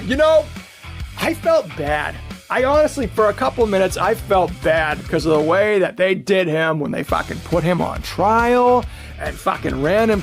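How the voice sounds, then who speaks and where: A man's voice: sits high, creaky. Profane ranting man cutting a wrestling promo. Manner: profane, mocking, shouting rants. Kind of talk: trash-talk wrestling promo.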